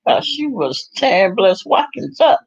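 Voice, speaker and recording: A woman's voice: a little high, very animated, unhurried, husky, highs cut off. A woman hosting a casual chat, laughing often and reacting to what she is listening to. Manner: laughing, gossipy reactions to a livestream. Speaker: host.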